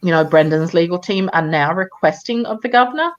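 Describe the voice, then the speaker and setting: Woman guest on a live video call, low voice, dull lo-fi sound, measured and emphatic with many fillers. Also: expressive. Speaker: campaigner. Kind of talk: live chat interview.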